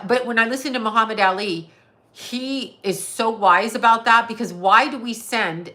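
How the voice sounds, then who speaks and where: On a relaxed livestream, a middle-aged psychic medium from Canada wanders off on tangent after tangent, swearing without restraint. Her voice is medium-pitched, pushed and bright, and she answers chat comments as she goes.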